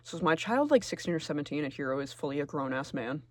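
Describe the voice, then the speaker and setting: A man giving casual, sarcastic tier-list commentary, full of swearing, who jumps between loud outbursts and low muttering. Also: expressive, fast talker, no echo, clean studio sound. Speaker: video creator.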